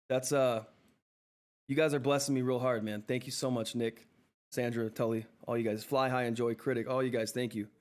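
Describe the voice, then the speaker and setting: A man hosting a live stock-trading stream, flustered and effusive, thanking viewers again and again and laughing often. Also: medium pitch. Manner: excitable, flustered exclamations. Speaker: livestream host reading viewer chat. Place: seated in a chair at home.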